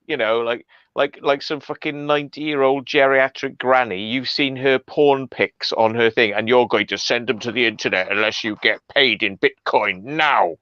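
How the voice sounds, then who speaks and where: A man's voice: medium pitch, moderate pace, few pauses, bright, forceful tone, no echo, highs cut off. Sweary man ranting. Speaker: host. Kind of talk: casual chat. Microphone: online call.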